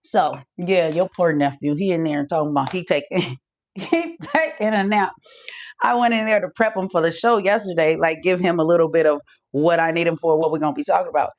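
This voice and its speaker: A woman's voice: lowish voice, brisk. A woman in her forties hosting a casual live podcast, out of breath, chatting loosely. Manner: loose, chatty, swears and laughs easily. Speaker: podcast host. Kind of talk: casual live-stream chat.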